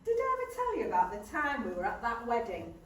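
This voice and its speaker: A woman playing a kindly, elderly mother in a stage play, fond and gently chiding. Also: on the high side, huge pitch swings, fast talker, noisy background. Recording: echoey hall, far from mic.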